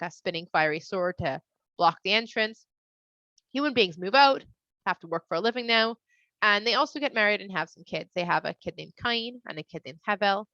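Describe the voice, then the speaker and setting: A woman's voice: medium pitch, bright, forceful tone, no echo, muffled recording. A woman casually retelling a Bible story for children in a playful, slangy way.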